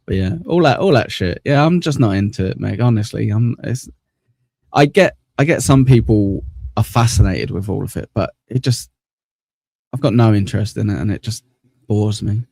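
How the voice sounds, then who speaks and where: A man's voice: fairly low pitch, moderate pace, creaky, a little mellow, dry recording, studio quality. A man hosting a casual livestream, rambling about online drama, repeating himself and laughing often. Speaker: host.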